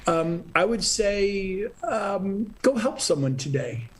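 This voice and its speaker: Energetic motivational man, fairly high voice. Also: slow. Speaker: podcast guest. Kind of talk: animated interview talk.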